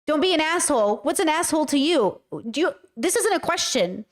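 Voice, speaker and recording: A woman's voice: sits high, animated, normal speed. A woman hosting a reaction commentary, talking to her chat in a heated, profane rant. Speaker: commentary host.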